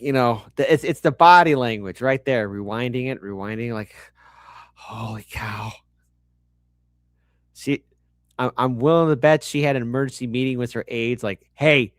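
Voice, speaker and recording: A man's voice: mid-range voice, smooth, no room sound. Guy doing reaction commentary, sarcastic and worked up, swears a lot, dry close mic. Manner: animated, sarcastic, swearing, many fillers. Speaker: commentary host.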